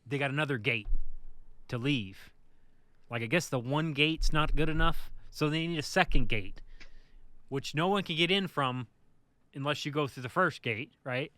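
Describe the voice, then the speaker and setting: A man co-hosting a podcast, telling a casual, animated anecdote about his driving job. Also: on the high side, normal speed, no echo. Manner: animated anecdote teller, acts out the people in his stories. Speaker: podcast co-host, bus driver. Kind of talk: casual storytelling chat.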